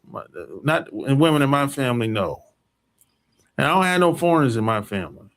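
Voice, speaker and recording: A man's voice: mid-range voice, big pitch swings, brisk. An American man hosting a podcast, talking in a rambling, emphatic opinion monologue full of profanity. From United States. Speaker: podcast host.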